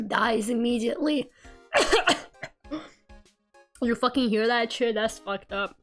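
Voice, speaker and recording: A woman's voice: on the high side, takes it slowly, long pauses, soft background music. A young woman streaming as a VTuber while she draws, chatting casually with viewers, giggling often and swearing now and then, her throat a little sore from a cold. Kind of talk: casual live-stream chat while drawing.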